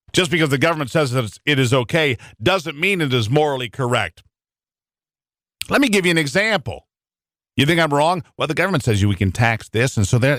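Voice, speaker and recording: Fiery talk radio host, lively pitch. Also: male voice, no room sound, clean studio sound. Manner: fiery, emphatic, repetitive preaching. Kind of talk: opinionated talk radio monologue.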